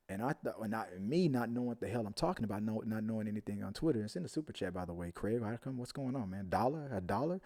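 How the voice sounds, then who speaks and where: A man's voice: lowish voice, a little mellow. A man hosting a live movie talk stream, chatting casually with viewers and telling a rambling story.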